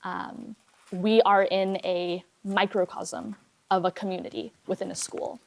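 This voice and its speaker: A woman's voice: mid-range voice, little pitch movement, measured pace, vocal fry. A woman who teaches theater, giving earnest, candid advice to students in an interview. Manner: earnest, candid, with small laughs. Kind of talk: interview answer.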